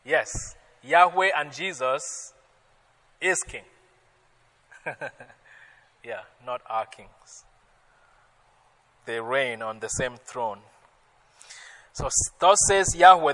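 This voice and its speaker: A male pastor delivers a sermon in an unhurried, deliberate way, his voice bright and forceful. He climbs louder and higher whenever he quotes scripture. His words ring out with a long reverb, as if in a large church hall. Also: animated. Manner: emphatic, rises loudly on quoted scripture, chuckles with the congregation.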